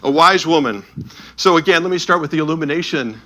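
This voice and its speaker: A man's voice: fairly high pitch, fairly quick, bright, forceful tone. A man presenting images from an illuminated Bible and telling stories about them. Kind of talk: storytelling talk with slides.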